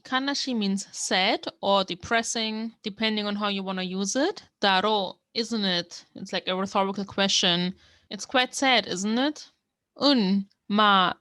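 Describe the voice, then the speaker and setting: A woman's voice: medium pitch, sharp tone, dry recording, studio quality. A young woman from Germany, giving a casual language lesson and explaining a manga text word by word as she thinks aloud. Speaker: language learner teaching from a manga.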